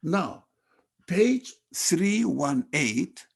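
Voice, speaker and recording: A man with a gravelly, somewhat husky voice guides a study group through a religious text. He speaks slowly, with a lively, rising and falling pitch. He is earnest and emphatic, and his speech is halting as he searches for words. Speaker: study circle leader.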